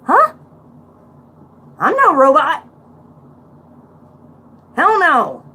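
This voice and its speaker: Woman in her forties, Central Pennsylvania accent, outspoken livestream host, lively pitch, raised voice. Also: drawn-out words. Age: 40s. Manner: blunt, outspoken, preachy asides. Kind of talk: casual music reaction livestream.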